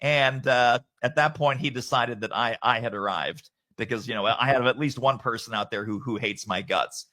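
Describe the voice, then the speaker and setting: A man's voice: mid-range voice, normal speed, hardly any pauses, pushed and bright. A man as a podcast guest author, speaking emphatically and rattling off lists of points. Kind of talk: podcast interview.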